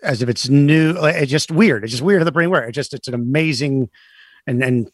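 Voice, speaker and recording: A man co-hosting a casual talk show, speaking haltingly with many fillers. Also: mid-range voice, no room sound. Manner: halting, filler-heavy, laughs easily. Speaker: co-host. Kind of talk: casual chat.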